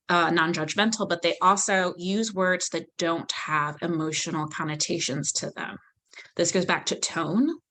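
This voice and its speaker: A woman leading a volunteer training session, explaining calmly and acting out example phrasings. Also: lowish voice. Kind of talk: training lecture.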